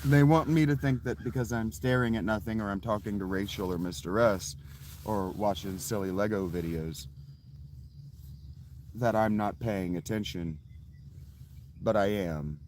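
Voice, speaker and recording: A man's voice: lowish voice, measured pace, long pauses, a little mellow, a little hiss or hum. A man in his late thirties telling a story to his viewers in a casual, blunt way, with frequent profanity. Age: late 30s. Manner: blunt, profane, laughs at his own stories. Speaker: vlogger.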